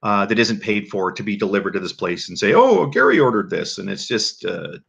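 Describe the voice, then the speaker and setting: A man giving casual spoken commentary to his audience in a halting, dry and joking way, with many restarts and fillers. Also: sits low, fairly even intonation, gravelly, sharp tone, breathy edge. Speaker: video commentator.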